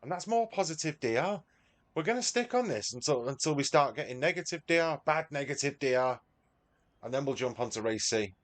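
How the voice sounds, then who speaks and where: A man's voice: mid-range voice, expressive, brisk. Chatty Mancunian man streaming a race. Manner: chatty, friendly, talks to viewers by name. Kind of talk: live gameplay commentary and chat.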